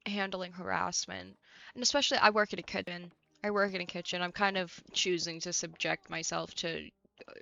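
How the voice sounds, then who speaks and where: A young woman streams a game and chats casually, ranting bluntly and swearing freely. Her voice has a gravelly fry and a bright edge. The sound is dry and a little dull. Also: on the low side, no echo. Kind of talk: casual stream chat while playing.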